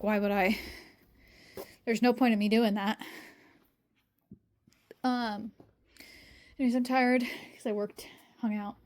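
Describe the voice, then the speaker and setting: Young woman, slightly high voice, hoarse and winded, tired rambling diary vlog, lots of swearing. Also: a little mellow. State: hoarse from singing; out of breath from pacing. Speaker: vlogger recording a video diary. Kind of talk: casual diary monologue. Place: home kitchen, microwave running.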